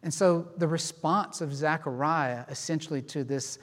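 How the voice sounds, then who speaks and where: A man preaching a sermon as a pastor, expressive and animated as he acts out people's responses, recorded in a church sanctuary. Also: a little high, moderate pace. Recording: long hall reverb.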